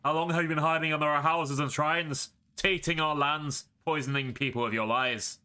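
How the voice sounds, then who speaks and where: An indignant male crusader, grimacing with anger and pain, read out by a man in his usual voice. He presses his accusations loud and hard. A fantasy game hero read aloud. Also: fairly high pitch, steady tone, moderate pace, clear, resonant tone. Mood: angry. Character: angry pained male crusader.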